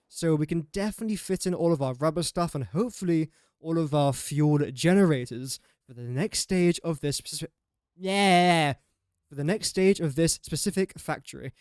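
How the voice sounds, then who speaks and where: A higher-pitched, slightly mellow voice with a clear, resonant tone belongs to a young man from England chatting on a building-game livestream. He rambles, gets self-deprecating, and chuckles a lot at his slips. Studio-quality recording with no room sound.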